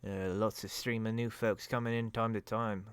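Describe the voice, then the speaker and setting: A man's voice: lowish voice, little pitch movement, moderate pace, clear, resonant tone, no room sound, natural voice. A man voicing a wary, scruffy male street loiterer who talks in a drawling, folksy slang and sounds suspicious.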